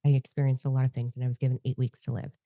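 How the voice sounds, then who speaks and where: A woman co-hosting a podcast in a candid, free-flowing, expressive chat. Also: a bass voice, racing, no echo. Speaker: podcast co-host. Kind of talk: casual heart-to-heart chat.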